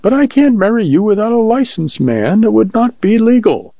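A man's voice: high-pitched, lively intonation, moderate pace, creaky, dark tone, dry recording, voice pushed up, exaggerated voice. A man voicing a frail, timid old male preacher who talks in a fretful, trembling way. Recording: muffled lo-fi recording.

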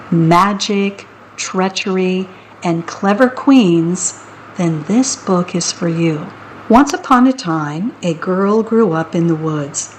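A woman reading picture books aloud in a playful, unhurried storytelling manner. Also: fairly low pitch, slight background noise, poor audio.

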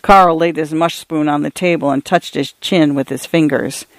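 Male audiobook narrator, measured and steady, slightly higher voice, very dry close recording. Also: no room sound. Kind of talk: scripted narration.

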